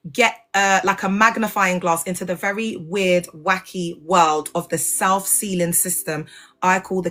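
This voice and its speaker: A woman's voice: medium pitch, fairly bright tone. A woman hosting a casual livestream, talking animatedly and in slang straight to her viewers. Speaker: livestream host, former church member.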